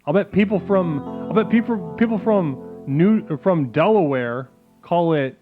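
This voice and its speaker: A man hosts a comedy call-in stream in a fairly high voice, rambling, cursing and stumbling through restarts. His voice comes through thin and phone-like, with music playing clearly underneath. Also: lively intonation, measured pace. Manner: rambling, profane, full of restarts. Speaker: call-in show host. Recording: tinny phone-like sound with music behind.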